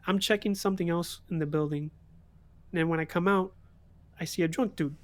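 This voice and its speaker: A man's voice: fairly high pitch, fairly even intonation, brisk. A young man streaming, telling a story in casual chat and laughing often.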